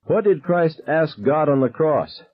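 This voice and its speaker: A man voicing a frantic teenage gunman who shrieks his questions in high, shrill bursts. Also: lively intonation, a little slow. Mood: shrill, menacing. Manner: high, shrill interrogating shouts. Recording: dull lo-fi sound.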